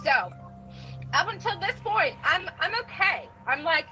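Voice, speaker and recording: Woman streamer, angry and profane, high pitch, bright tone. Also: very animated, measured pace, soft background music, rough recording. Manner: heated, profane, recounts chat arguments. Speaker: streamer in a restreamed clip. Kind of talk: angry rant to viewers.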